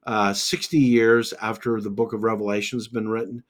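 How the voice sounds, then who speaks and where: A man's voice: lowish voice, level tone, normal speed. A man teaching on a Bible podcast, methodical and conversational, laying out points one by one with scripture references.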